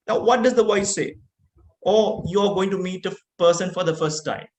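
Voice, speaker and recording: A man's voice: high voice, moderate pace, a little mellow. Sri Lankan man giving an earnest keynote. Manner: earnest, with rhetorical questions. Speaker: keynote speaker. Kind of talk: motivational keynote speech. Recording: roomy echo.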